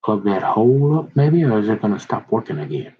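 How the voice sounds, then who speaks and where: A man rambling slowly through a casual monologue, folksy and meandering, with trailing asides. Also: lowish voice, sing-song, slight background noise. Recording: dull lo-fi recording.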